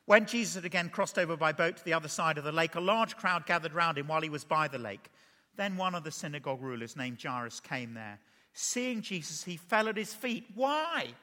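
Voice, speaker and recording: A man preaching a sermon, animated and full of rhetorical questions to the congregation. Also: a little high, a little fast. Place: church. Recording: reverberant church hall.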